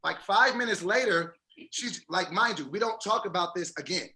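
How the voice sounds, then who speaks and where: A man with a high, very bright voice tells a story in casual podcast chat. He acts out what people said with lots of energy. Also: moderate pace. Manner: animated storyteller, acts out quotes. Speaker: podcast co-host.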